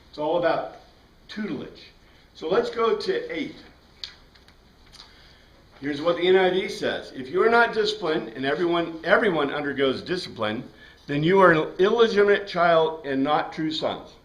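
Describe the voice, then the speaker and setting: High-voiced man teaching from across a room. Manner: explains step by step, quizzing the class. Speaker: Bible class teacher. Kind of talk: classroom lecture. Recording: roomy sound from a distant mic.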